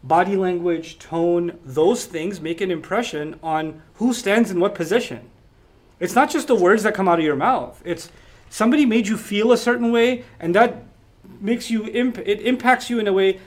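High-voiced man teaching scripture emphatically. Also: moderate pace. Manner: emphatic, explanatory, checks in with rhetorical questions. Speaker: religious teacher. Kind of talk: explanatory lecture on scripture.

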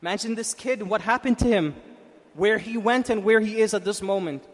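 High-voiced preacher in a big echoing hall. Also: male voice, brisk. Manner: animated, questions the audience. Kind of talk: storytelling sermon. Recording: long reverb in a hall.

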